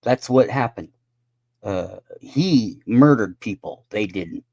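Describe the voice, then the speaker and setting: A man's voice: on the low side, lively intonation, slow, darkish tone, breathy edge, dry recording, lo-fi sound. A man in his fifties ranting in a casual live stream monologue, profane and rambling. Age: 50s.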